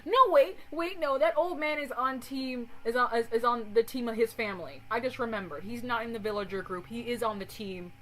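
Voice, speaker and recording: Bright-voiced young woman, casual chat. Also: a little high, brisk, hardly any pauses, a little hiss or hum, rough recording. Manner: animated, laughs often, swears casually. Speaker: host. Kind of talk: casual chat while watching a recap.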